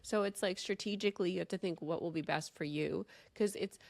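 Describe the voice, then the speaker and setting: A woman's voice: lowish voice, brisk, gravelly, a little mellow, no echo. A woman hosting a podcast in casual chat, retelling events emphatically and swearing freely. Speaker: podcast host.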